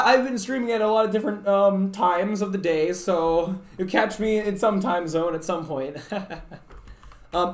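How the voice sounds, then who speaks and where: A young man from Canada chatting casually with stream viewers, rambling and stuttering with lots of fillers. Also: high voice. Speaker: livestreamer. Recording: roomy echo.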